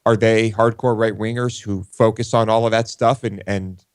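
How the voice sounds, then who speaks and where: A man's voice: on the low side, steady tone, moderate pace, clean tone, no echo, clean studio sound. A man co-hosting a talk show, chatting casually and hesitantly with many filler sounds. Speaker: co-host. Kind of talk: casual chat.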